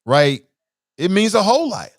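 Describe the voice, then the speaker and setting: A man's voice: sits high, very animated, normal speed, dry recording, clean studio sound. A man hosting a casual news commentary show, chatting and asking viewers questions.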